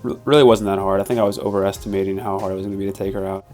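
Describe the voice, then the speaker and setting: A congested young man giving relaxed, rambling commentary over a game replay, with lots of fillers. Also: deep voice, racing, soft background music. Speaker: gaming channel host. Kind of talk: casual gameplay commentary.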